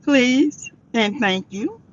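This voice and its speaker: Slow-talking tired woman host. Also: on the high side, slight background noise. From South Carolina. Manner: chatty, greets viewers by name, laughs often. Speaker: livestream host. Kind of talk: casual live chat. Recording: dull lo-fi sound.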